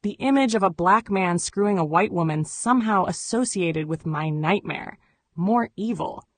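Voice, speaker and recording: A woman reading memoir narration in an even, measured way. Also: fairly low pitch. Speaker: audiobook narrator.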